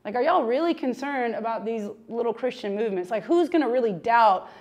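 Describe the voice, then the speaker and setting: A woman's voice: fairly high pitch, expressive, fairly quick, a little mellow, lo-fi sound, lightly acted. A woman voicing a pragmatic male city clerk who reasons with a rioting crowd. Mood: coaxing.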